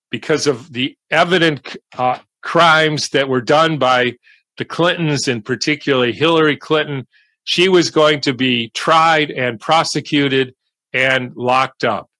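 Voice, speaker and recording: Older guy, slow deliberate commentary, bright voice, dry close sound. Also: medium pitch, no room sound. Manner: slow, deliberate, measured delivery. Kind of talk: monologue commentary.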